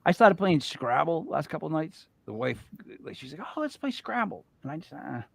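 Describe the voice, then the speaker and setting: A man hosts a podcast, talking in a fairly high, very lively voice. He jokes and rambles in a loose, casual way. The recording is dry and close. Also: a little fast, vocal fry, husky, dry recording. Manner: animated, joking, rambling. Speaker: podcast host. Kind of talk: casual chat.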